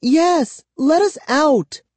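Scared girl, put on by a male reader, quick and high, warm tone. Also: steady tone, dry recording. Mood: insistent. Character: frightened girl, quick and whispering. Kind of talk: audiobook reading.

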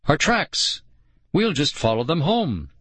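A man's voice: medium pitch, expressive, unhurried, a bit bright, no echo. A man voicing a frightened young girl who pleads urgently with her brother in a storybook. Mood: eager.

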